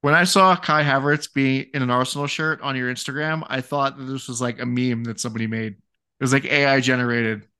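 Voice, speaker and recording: A man's voice: mid-range voice, steady tone, fairly quick, sharp tone, clear, resonant tone. A man co-hosting a casual sports podcast, wry and teasing. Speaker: podcast co-host.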